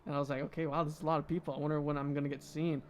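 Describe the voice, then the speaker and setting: A man's voice: a little high, rapid-fire, a little hiss or hum. A young man in his twenties, co-hosting a podcast, telling a story in casual chat and acting out what others said. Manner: animated, laughing storyteller acting out quotes. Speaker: podcast co-host.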